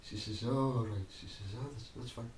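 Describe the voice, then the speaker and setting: A man with a lowish voice talks briskly to the camera, wandering through a personal anecdote and often breaking into chuckles and laughter. The mic sits at a distance, leaving a roomy echo.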